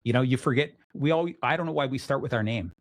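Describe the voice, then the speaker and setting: A middle-aged man hosting a casual interview show, energetic and full of restarts, acting out the people he quotes. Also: mid-range voice, quick pace, dry recording, studio quality. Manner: restarts often. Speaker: podcast host.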